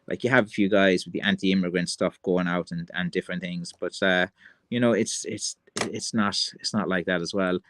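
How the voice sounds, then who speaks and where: A man with an Irish accent hosting a livestream, ranting in a rambling, excitable way, full of "like" and "you know" and calling people "man" and "lads". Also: sits low, moderate pace, no echo. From Ireland. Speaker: livestream host. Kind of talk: casual rant on a livestream.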